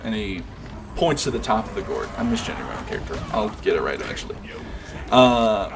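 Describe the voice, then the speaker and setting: A man's voice: on the low side, animated, brisk, creaky. A man streaming a game, chatting casually and rambling with lots of fillers and restarts. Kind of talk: casual chat while gaming. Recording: game noise in background.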